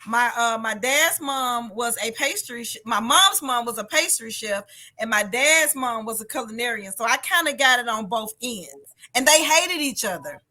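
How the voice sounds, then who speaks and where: A woman chef telling stories from her childhood in a lively, casual chat, laughing often and acting out the people in them. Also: on the high side, moderate pace. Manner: animated storyteller, laughs often, acts out voices. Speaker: guest chef. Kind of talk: casual storytelling interview.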